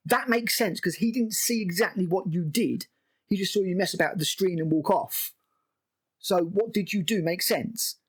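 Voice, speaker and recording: A man's voice: sits high, normal speed, breathy edge. A man recapping a TV episode as a review host, exasperated and sarcastic and swearing freely.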